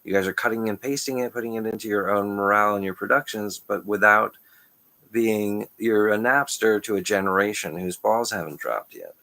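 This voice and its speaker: Man, low-pitched, rambling vlogger, stream-of-consciousness delivery. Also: normal speed, creaky, sharp tone. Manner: stream-of-consciousness, restarts, frequent chuckles. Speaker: channel host. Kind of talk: rambling monologue to camera.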